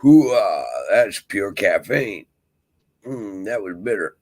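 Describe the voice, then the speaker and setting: A man with a deep, gravelly voice rambling through a profane, grumbling vlog monologue. His pitch swings widely as he talks, and the sound is close and dry. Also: animated, measured pace, a bit bright, no room sound, rough recording. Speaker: vlogger.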